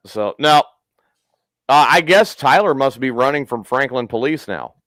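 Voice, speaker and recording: A man's voice: medium pitch, normal speed, no room sound. Guy telling a rowdy story on his podcast, voice jumps all over, dry mic. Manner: profane, animated storyteller acting out quotes. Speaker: podcast host. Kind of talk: casual storytelling chat.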